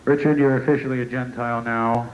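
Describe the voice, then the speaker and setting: A man voicing God as a gruff, fed-up figure who dismisses him in a low, curt voice. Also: level tone, fast, highs cut off, lightly acted. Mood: dismissive. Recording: live stage show with audience noise.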